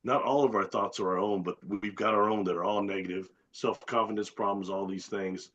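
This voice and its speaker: A man as a guest in a casual chat, explaining ideas slowly and deliberately and listing terms one by one. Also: fairly low pitch, steady tone, fairly bright tone, highs cut off.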